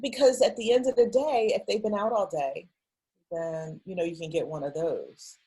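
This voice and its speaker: A woman's voice: fairly low pitch, fairly even intonation, normal speed, dark tone, husky. A woman speaking as a guest in a video call, rambling and hesitant with many fillers. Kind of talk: casual video-call chat.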